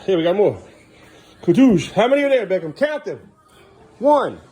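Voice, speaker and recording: Filming a casual home vlog indoors near the bathroom, a parent speaks firmly but patiently to two young children and vents to the camera in between. The voice is warm and medium-pitched, with big pitch swings, at normal speed.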